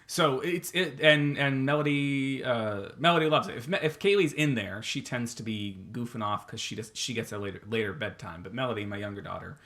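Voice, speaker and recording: A man's voice: fairly low pitch, pushed and bright. A middle-aged man co-hosting a podcast in casual chat, rambling and hesitant with lots of fillers and restarts. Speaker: podcast co-host.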